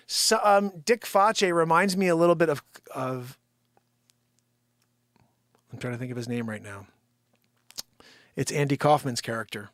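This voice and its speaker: A man's voice: on the high side, unhurried, pauses often, fairly bright tone, no room sound, studio quality. A man hosting a live stream, rambling through an improvised comic monologue, bickering with an off-screen partner and dropping into muttered, whispered asides.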